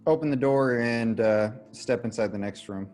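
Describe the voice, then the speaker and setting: A man playing a tabletop game, stating his character's actions in a relaxed, joking way. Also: mid-range voice, moderate pace, soft background music. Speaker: player. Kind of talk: casual tabletop game play.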